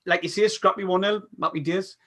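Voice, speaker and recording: A man's voice: sits high, steady tone, fairly quick, pushed and bright. A man, hosting a casual football chat and stumbling over restarts as he reads viewer comments aloud. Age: 40s. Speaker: podcast host.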